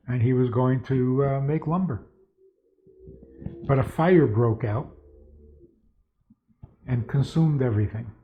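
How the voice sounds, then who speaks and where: Man teaching over a tinny line. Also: medium pitch. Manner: rhetorical questions, storytelling. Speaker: rabbi. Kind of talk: spoken lecture with stories. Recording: tinny phone-like sound.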